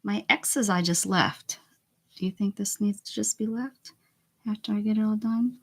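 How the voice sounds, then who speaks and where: A woman's voice: mid-range voice, moderate pace, vocal fry. Chatty woman live-streaming her art. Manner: chatty, talks to viewers in chat while working; playful, exclaims and jokes. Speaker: livestreaming art journal creator. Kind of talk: casual live-stream chat while crafting.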